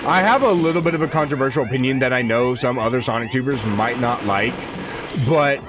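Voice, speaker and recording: A man in his twenties talks briskly in a mid-range voice as he streams a game, rambling to his viewers in slangy, casual chat. Game music can be heard in the background.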